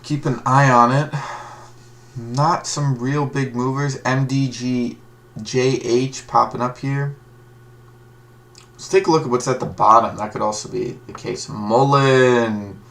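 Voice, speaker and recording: A man's voice: medium pitch, fairly even intonation, a little slow, gravelly, a bit bright. A man streaming live, giving casual, rambling commentary on stock moves as he reads tickers aloud. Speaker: livestream stock trader.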